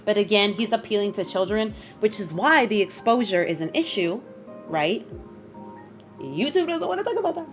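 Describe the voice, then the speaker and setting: A young woman talks casually to her live-stream viewers, reading their names and chatting between moves. Her pitch swings widely, and soft game music plays faintly underneath. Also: expressive, moderate pace. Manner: chatty, greets chat, bursts of high laughter.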